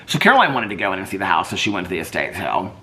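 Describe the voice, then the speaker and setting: Man, vlogger, casual chat, rambling, lowish voice, bright tone. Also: very animated, racing. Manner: rambling, heavy use of "like".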